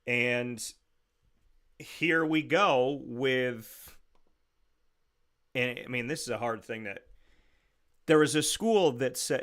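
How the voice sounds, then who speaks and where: A man's voice: medium pitch, fairly bright tone. A man hosting a radio show, delivering a rambling, sarcastic and incredulous monologue full of restarts.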